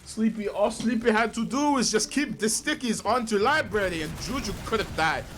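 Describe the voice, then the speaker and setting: A man casting a live esports match, excitable and joking, with lots of slang and repetition. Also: high voice, moderate pace, slight background noise. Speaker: esports caster. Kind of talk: live play-by-play commentary.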